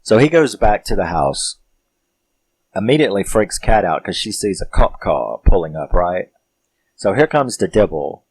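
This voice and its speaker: A man reviewing films walks through a plot in a loose, rambling way, tossing in plenty of "you know"s and laughing a lot along the way. His voice is low, a little mellow and husky, with no room sound.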